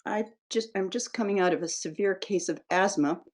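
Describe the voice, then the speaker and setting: A woman with a scratchy voice and occasional coughs, presenting an educational webinar lecture in a measured, explanatory way. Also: mid-range voice.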